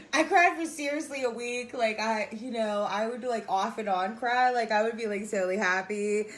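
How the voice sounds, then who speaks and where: A woman's voice: fairly high pitch, moderate pace. A woman who works as a spiritual coach and sound healer, chatting casually on a live stream and answering viewers by name. She is emphatic, swears freely and keeps telling them she loves them. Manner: emphatic, profane, affectionate. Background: soft background music.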